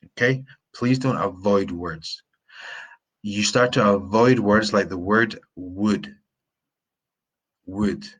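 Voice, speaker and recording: A man teaching English pronunciation in a live-streamed lesson, repeating words slowly to drill the sounds. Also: on the low side, slightly rough.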